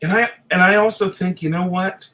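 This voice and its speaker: A man's voice: sits high, fairly even intonation, fairly quick, pushed and bright, poor audio. Impassioned, tearful man ranting late at night. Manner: impassioned, profane, tearful at times. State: teary. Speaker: video essayist.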